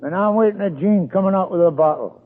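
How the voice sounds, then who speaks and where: A man's voice: sits high, quick pace. An older man telling his recovery story as an AA speaker, earthy and storytelling, acting out the dialogue. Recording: tinny lo-fi archive recording.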